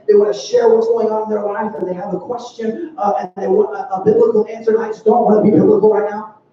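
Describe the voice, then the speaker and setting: Fast and high-pitched with fairly even intonation, a young man gives a youth sermon as the youth pastor, keeping it conversational and performing the quoted voices. The church hall recording sounds distant, dull and roomy.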